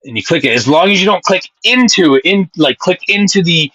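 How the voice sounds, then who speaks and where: A man streams live, casually talking with viewers and going through their comments, rambling excitedly and swearing often. His high-pitched voice is brisk with a breathy edge, and the audio is dull with no echo.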